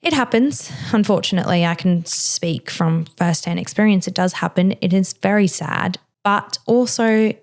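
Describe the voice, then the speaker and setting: A woman's voice: mid-range voice, moderate pace, hardly any pauses. A woman hosting a podcast, a mother answering listener questions in a frank, chatty way, with plenty of "like" and "you know". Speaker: podcast host. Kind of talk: casual advice chat.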